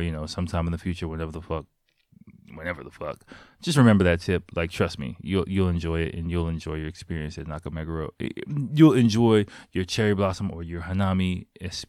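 A man's voice: low-pitched, a little mellow, dry recording, clean studio sound. A man casually telling rambling, profane stories to the camera, laughing often between his words. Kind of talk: casual storytelling.

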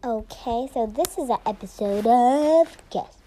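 A woman's voice: fairly high pitch, lively intonation, unhurried, dark tone, slight background noise. A young woman hosting a casual solo podcast, rambling through her thoughts with many fillers and restarts and playful sound effects. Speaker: podcast host.

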